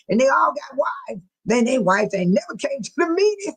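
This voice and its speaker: A woman's voice: sits high, big pitch swings, brisk, hardly any pauses, breathy edge, rough recording. Chatty, laughing woman streamer. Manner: laughs often, mimics people in exaggerated voices. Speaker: channel host. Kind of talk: casual live-stream chat.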